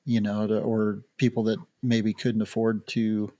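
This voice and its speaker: A man's voice: on the low side, monotone, mellow. Dry-humored man in his fifties. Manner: dry, joking, unhurried. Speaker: guest wildlife photographer. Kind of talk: casual podcast chat.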